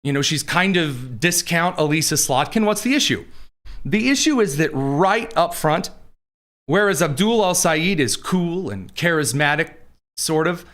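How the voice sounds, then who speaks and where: A man's voice: a little high, animated, unhurried, a bit bright. A man hosting a political commentary show, talking in a sarcastic, rambling way. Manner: sarcastic, digressive. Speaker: host.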